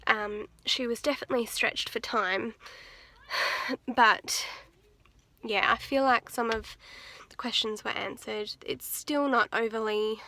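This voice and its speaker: A woman's voice: fairly high pitch, steady tone, slow pace, sharp tone. A young woman chatting casually to her camera while out and about, with music behind her. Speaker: vlogger. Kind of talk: casual vlog narration. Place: car and outdoors in the street.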